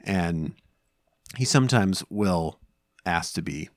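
A man's voice: low-pitched, expressive, slow pace, no echo, clean studio sound. A man in his thirties co-hosting a podcast, talking casually at home in a rambling way, full of fillers and restarts. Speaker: podcast co-host. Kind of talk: casual chat.

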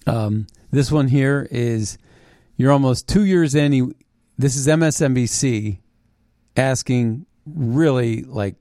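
A man hosting a political commentary show, talking in a mocking, halting way with frequent restarts. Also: medium pitch, dark tone, no echo, studio quality. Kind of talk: opinionated commentary monologue.

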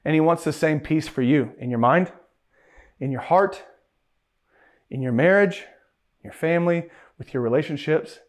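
A man's voice: a little high, normal speed, pauses often. A man preaching a sermon, emphatic, who repeats key phrases and asks rhetorical questions.

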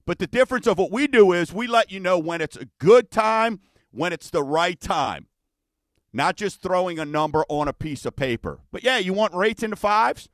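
Male host, middle-aged, loose chatty delivery, slightly raised pitch, dry studio sound. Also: expressive, normal speed, no echo. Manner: rambling, chatty, many fillers. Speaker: host of a mortgage show. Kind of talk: casual radio-style chat.

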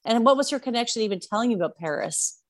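A woman's voice: a little high, animated, quick pace. Attentive woman asking questions. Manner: attentive, encouraging, asks follow-up questions. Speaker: interviewer. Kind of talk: casual interview.

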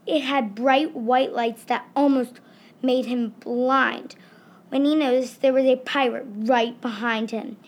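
Young girl reading slowly. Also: sits high, steady tone. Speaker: story reader. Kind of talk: reading her own story aloud.

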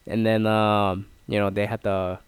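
A man's voice: little pitch movement, measured pace, clear, resonant tone, no echo. Rambling, cursing man telling a story. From Canada. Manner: rambling, swears often, many restarts and fillers; mimics others in higher, louder voices. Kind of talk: casual storytelling monologue.

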